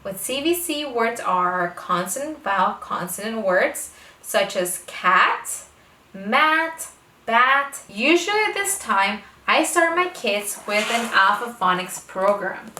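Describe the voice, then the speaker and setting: A homeschooling mother explaining how she teaches her children to read, speaking slowly and stretching out the letter sounds. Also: mid-range voice, sing-song, sharp tone. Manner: slow, deliberate, exaggerates phonics sounds. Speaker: homeschooling parent teaching reading. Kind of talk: instructional talk to camera. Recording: echoey room, voice a bit far from mic.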